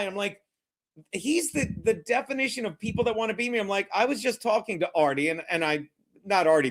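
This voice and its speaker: A man's voice: sits high, a bit bright. A man hosting a live football watchalong stream, reading chat and calling plays in a brash, mocking, rambling way with heavy swearing. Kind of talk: profane live sports watchalong commentary.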